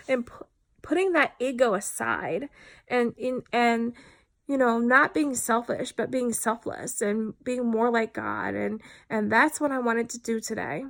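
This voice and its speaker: A woman's voice: a little high, normal speed. A tired woman talking candidly in a personal vlog, reflective and full of fillers. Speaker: vlogger.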